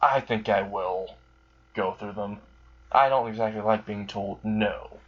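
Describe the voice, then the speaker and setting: A smug male demon in a suit, as a man puts him on in a storybook telling, taunting with sly politeness. His voice sits low and husky. The recording is dull and lo-fi. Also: measured pace. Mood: menacing.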